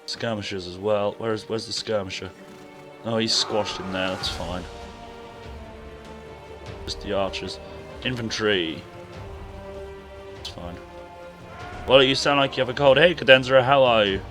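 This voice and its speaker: Fairly low in pitch but fairly bright in tone, this Englishman speaks at a measured pace and pauses often. His throat is sore and his voice is fading as he gives rambling, chatty live-stream commentary on his game, addressing chat while playing, with music in the background.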